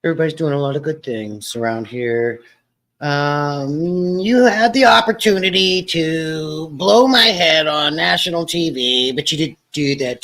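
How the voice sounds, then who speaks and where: A man's voice: a little high, a bit bright, pitched above the performer's own voice. A man doing a boastful older politician impression. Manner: boastful, taunting.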